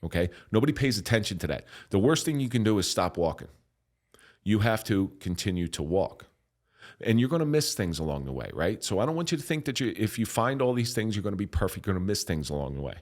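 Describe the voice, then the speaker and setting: Middle-aged man, low voice, podcast guest, animated and profane, preachy storyteller. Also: fast talker. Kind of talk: casual storytelling.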